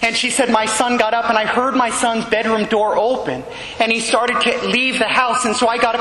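A man with a high, bright voice tells stories in a slow, earnest sermon. He carries the quoted dialogue himself. The sound is roomy, with a long hall reverb and a faint hum of ambience behind him. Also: steady tone. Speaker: preacher. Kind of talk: sermon storytelling.

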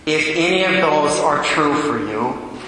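A Catholic priest, a man with a bright, fairly high voice, preaches a homily in earnest. He keeps asking his listeners direct questions. The sound rings around a large church with a long, echoing tail. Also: animated, a little slow, a little hiss or hum. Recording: very echoey church with long reverb.

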